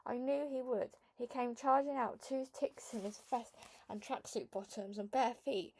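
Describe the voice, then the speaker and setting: Lively woman reading a children's book. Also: fairly high pitch, unhurried, husky. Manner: lively, expressive first-person storytelling. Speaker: read-along narrator.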